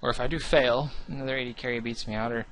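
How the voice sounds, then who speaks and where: A man's voice: mid-range voice, steady tone, quick pace, a bit bright, slight background noise. Rambling, earnest young man. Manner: rambling, restarts often, earnest and self-deprecating. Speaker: gaming channel host. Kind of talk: casual talk to camera about his channel.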